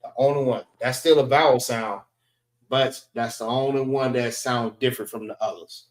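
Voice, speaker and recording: Male instructor, mid pitch, unhurried and repetitive, recorded in an echoey room. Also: steady tone. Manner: slow, repetitive, spells out sounds one by one. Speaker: class teacher. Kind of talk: classroom language lesson. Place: library meeting room.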